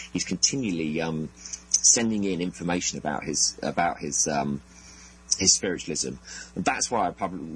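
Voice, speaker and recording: A man with an English accent talks as a guest on a radio show. His voice sits low and he stumbles and restarts as he explains. A faint hum sits under the line. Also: low-quality recording. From United Kingdom. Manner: halting, repeats words and restarts. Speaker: guest author and researcher. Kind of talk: interview over the phone line.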